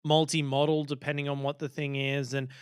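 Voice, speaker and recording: A man with a fairly high, clean and crisp voice co-hosts a casual tech podcast. He talks with enthusiasm and acts out quick quotes as he argues. The close mic sounds dry, with no room echo. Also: little pitch movement. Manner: enthusiastic, argues his point with acted-out quotes. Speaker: podcast co-host.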